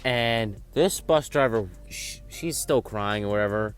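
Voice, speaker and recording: A man's voice: lowish voice, unhurried, clear, resonant tone, soft background music. A teenage guy telling a school story casually, rambling with lots of fillers. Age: teens. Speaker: vlogger. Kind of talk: storytime vlog.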